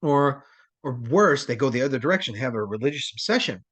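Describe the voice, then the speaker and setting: A man's voice: mid-range voice, expressive, brisk, a bit bright. A man teaching a crisis response training lecture in a rambling, conversational way, with many fillers and restarts.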